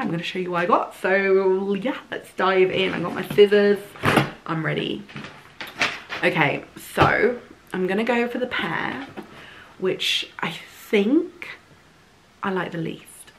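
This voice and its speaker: A woman's voice: on the low side, a little hiss or hum, rough recording. Chatty woman with a cold. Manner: chatty, rambling, self-deprecating. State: ill, slightly hoarse. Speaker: vlogger. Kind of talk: casual chat to camera. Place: home.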